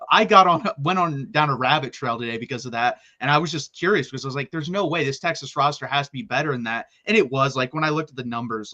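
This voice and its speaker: A man with a bright, forceful voice talks college football in a casual chat. He is excitable and rapid-fire and keeps restarting his sentences. His pitch sits mid-range for a man. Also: highs cut off. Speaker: college football podcast co-host.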